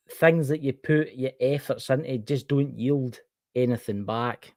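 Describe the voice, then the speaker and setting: A man's voice: mid-range voice, measured pace, darkish tone, dry recording. A man with a Scottish accent giving a casual tarot card reading on a livestream, chatting to a viewer by name as he turns each card.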